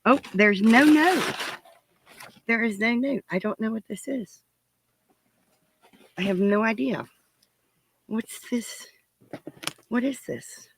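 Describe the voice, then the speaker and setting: A woman's voice: on the high side, slow pace, creaky, pauses often, breathy edge, no room sound, poor audio. A woman hosting her crafting channel, chatting casually to viewers as she opens their parcels, gushing and giggling often. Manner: thinks aloud while unwrapping. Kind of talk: casual unboxing chat to viewers.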